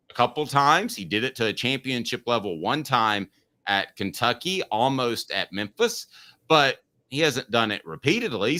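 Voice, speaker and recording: A man hosts a sports talk show, making his case with opinionated, emphatic rhetorical questions. His voice is bright and forceful, and his pitch moves a lot as he presses each point.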